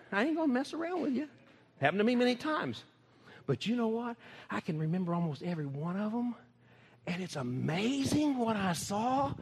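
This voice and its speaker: A man's voice: extremely high pitch, slightly rough, long reverb tail. A man, preaching in a folksy, emphatic way and laughing often. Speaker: ministry speaker. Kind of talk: preaching talk.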